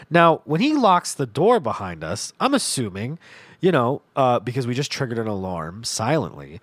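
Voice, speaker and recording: A man hosts his own podcast, spinning a comedic story with lively swings in pitch and plenty of profanity. His voice sits at a middle pitch, recorded dry and close to the mic. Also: moderate pace, no room sound. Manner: animated, profane, laughs through his story. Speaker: podcast host.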